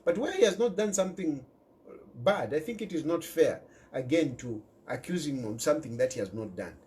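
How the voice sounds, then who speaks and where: Zambian man, political commentary, emphatic and repetitive, animated pitch, slightly high voice. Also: fairly quick, a little hiss or hum. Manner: emphatic, repeats key phrases, mixes in local words. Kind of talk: impassioned direct-to-camera commentary.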